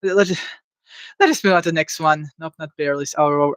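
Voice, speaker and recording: Drawing game creatures on a livestream at home, a man talks to himself casually, stammering, restarting and tossing in playful asides. He speaks quickly in a slightly high, fairly bright voice, and the recording is dry.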